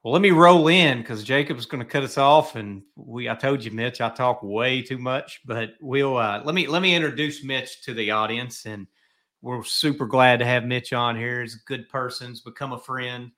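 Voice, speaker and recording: A man's voice: medium pitch, normal speed, a bit bright. A middle-aged man hosting a podcast, telling stories in a rambling, chatty way. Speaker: podcast host. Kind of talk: casual podcast chat.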